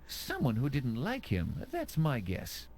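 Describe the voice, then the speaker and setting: An actor playing a brusque, dismissive Irish police detective in an adventure game. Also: male voice, medium pitch, huge pitch swings, measured pace, a little mellow, slight background noise. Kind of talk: 1990s adventure game voice acting.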